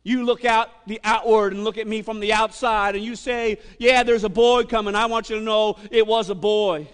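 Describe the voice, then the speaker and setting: A man preaching a sermon with impassioned emphasis and wide swings in loudness. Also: high-pitched, steady tone, normal speed, clear, resonant tone. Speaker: pastor. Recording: long hall reverb.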